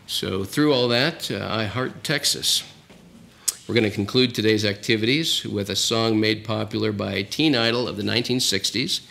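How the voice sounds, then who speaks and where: A man's voice: fairly low pitch, creaky, fairly bright tone. A man in his fifties from Oklahoma, telling family stories in a casual, folksy way with wry, self-mocking humor. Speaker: narrator of a family tribute video. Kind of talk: casual personal storytelling. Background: guitar music.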